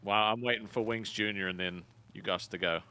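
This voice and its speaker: A man's voice: fairly low pitch, steady tone, fairly quick, bright, forceful tone, smooth. A man hosting a casual chat, speaking directly with a coaching tone.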